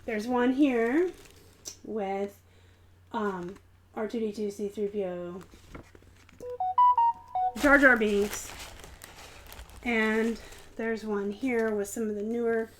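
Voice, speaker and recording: A young adult woman hosting a live stream, excitedly unboxing a gift and chatting casually to viewers with frequent giggles. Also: a little high, takes it slowly, pauses often, slight background noise. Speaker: host of a reselling channel, live show.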